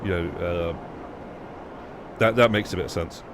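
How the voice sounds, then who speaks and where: A young man from the United Kingdom live streams a game, keeping up loose, rambling chat peppered with swearing and false starts. His low voice moves at normal speed, with background noise present.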